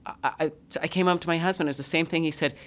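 A middle-aged woman hosting a podcast, telling stories in a chatty, self-mocking way and swooping high when she gets excited. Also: rapid-fire. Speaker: podcast host. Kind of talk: casual podcast chat.

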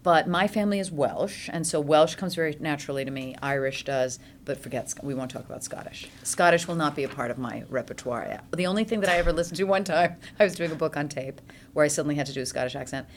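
A middle-aged actress chatting casually as a guest, lively and quick with laughs. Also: female voice, sits low, slight background noise. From French Switzerland. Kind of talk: casual interview chat.

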